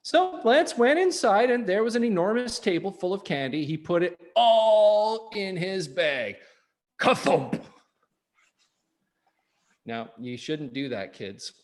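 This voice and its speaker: Guy reading a kids picture book, high lively voice, slow and chuckly. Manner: chuckling asides. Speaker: early-years program reader.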